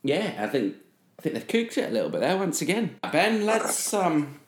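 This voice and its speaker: A man's voice: a little high, big pitch swings, normal speed. A man co-hosting a casual podcast, talking in a rambling way with many fillers and casual swearing. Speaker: podcast co-host. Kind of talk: casual chat. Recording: roomy echo.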